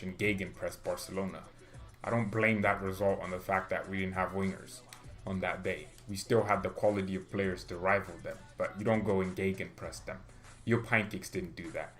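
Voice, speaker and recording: A man's voice: sits low, steady tone, a little fast, faint music behind. A man hosting a fan channel, ranting in an exasperated way to his live chat and laughing often. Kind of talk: live-stream rant reading chat.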